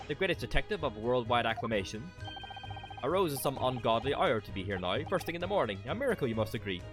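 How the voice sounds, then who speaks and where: A man with an Irish accent reading game dialogue aloud as a pompous, eccentric male gentleman detective, in grandiose, drawn-out theatrical speech. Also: medium pitch, close to an everyday voice. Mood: boastful.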